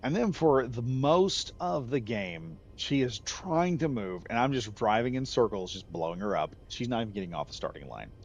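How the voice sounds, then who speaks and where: This middle-aged gaming host spins a loose, casual story, fixing his own wording and laughing at his jokes. His medium-pitched voice is sing-song, moderately paced with hardly any pauses, in a slightly muffled recording with faint background noise.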